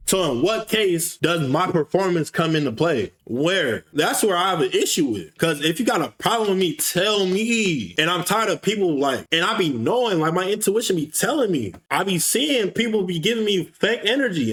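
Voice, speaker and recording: A young man telling a storytime rant in casual, slangy speech, animated and frustrated, swearing often. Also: sits high, brisk.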